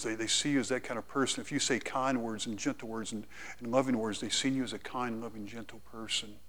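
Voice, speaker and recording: Dynamic middle-aged man preaching. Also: mid-range voice. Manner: dynamic, swings from loud emphatic lines to hushed ones; storytelling with personal anecdote. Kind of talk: sermon.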